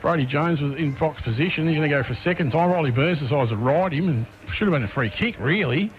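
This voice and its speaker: An Australian man calling a local football match play by play, quick and chatty, from a commentary box at the ground. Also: fairly high pitch, animated, narrow, tinny audio, a little hiss or hum. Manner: quick, chatty, easy laughs.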